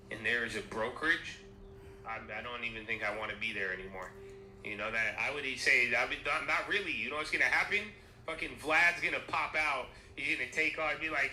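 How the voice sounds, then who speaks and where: A man's voice: mid-range voice, pushed and bright. A man talking casually and rambling, swearing freely and acting out imagined conversations. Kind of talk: casual chat. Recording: echoey room with noise.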